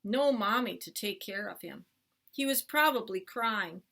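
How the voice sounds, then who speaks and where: A woman teacher reading a chapter book aloud to children, clear and expressive. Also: medium pitch, a little slow.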